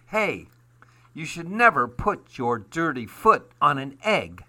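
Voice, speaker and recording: A man puts on a high, fussy storybook duck, a bossy little know-it-all who scolds and boasts. The voice sits well above a normal speaking voice, bright and pushy, and every line sounds like he is sure he is right. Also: lively intonation, slow, heavily acted. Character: bossy, excitable male duck. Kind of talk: storybook read-aloud.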